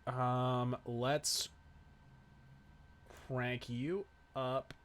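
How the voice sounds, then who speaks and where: A man hosting a casual live game stream, loud and profane, breaking into excited yells while he plays. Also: mid-range voice, very slow, a little hiss or hum. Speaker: stream host.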